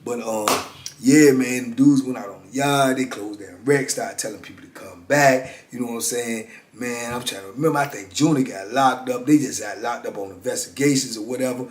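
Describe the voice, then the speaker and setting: A man in his fifties, a former prisoner, telling prison stories in a lively, casual street-talk monologue. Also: medium pitch, normal speed. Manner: animated, vivid street storytelling with frequent "you know what I'm saying". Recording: roomy echo.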